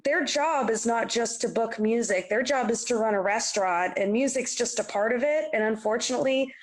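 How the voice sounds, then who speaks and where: Young woman musician guest, bit high voice, lively storyteller. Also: a little fast. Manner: animated storyteller, acts out quotes. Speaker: singer-songwriter guest. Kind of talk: casual interview chat.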